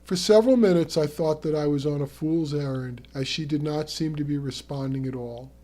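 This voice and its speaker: A man's voice: on the high side, a little fast, warm tone. A man telling a vivid first-person story as narrator of an audio tale.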